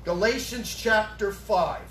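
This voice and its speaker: A male pastor preaching a sermon, emphatic and questioning his congregation, at times rising to a shout. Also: high voice, takes it slowly, a little hiss or hum. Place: church sanctuary. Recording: echoey room, far from the mic.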